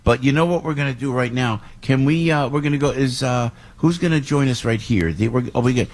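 A man's voice: mid-range voice, brisk. A man hosting a morning radio talk show, telling stories animatedly and laughing often.

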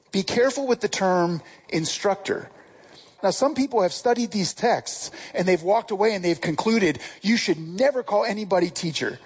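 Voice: mid-range voice, slightly rough. A pastor giving a sermon in an earnest way, often repeating the first word of a sentence and asking the listeners questions. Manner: earnest, stammers on first words, asks the congregation questions.

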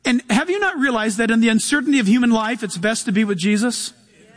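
Pastor, male, high tenor, lively sermon delivery with loud and hushed turns, long hall reverb. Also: fast. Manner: animated, shifts between loud bursts and soft hushed asides.

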